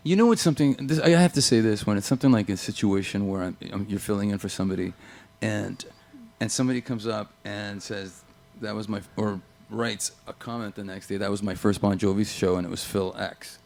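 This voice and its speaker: Animated man telling road stories. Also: on the low side, brisk, vocal fry. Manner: animated anecdotes, acts out quoted voices, swears. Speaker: guest guitarist. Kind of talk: casual storytelling chat.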